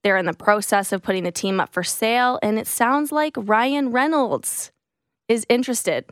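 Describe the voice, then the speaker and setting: Smooth-voiced woman hosting sports radio. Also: a little high, normal speed, no room sound, clean studio sound. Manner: chatty, laughs often. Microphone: studio microphone.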